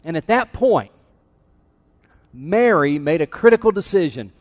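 A middle-aged pastor preaches in a church with a lively, conversational manner. He teases his listeners in a voice a bit higher than most men's. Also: a little slow, highs cut off. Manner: conversational, teasing the congregation. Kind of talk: sermon. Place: church sanctuary.

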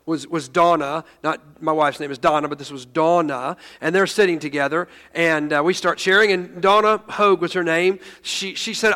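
A pastor telling a funny story in an animated sermon, stumbling and laughing as he goes. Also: fairly high pitch, normal speed, hardly any pauses. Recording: long hall reverb.

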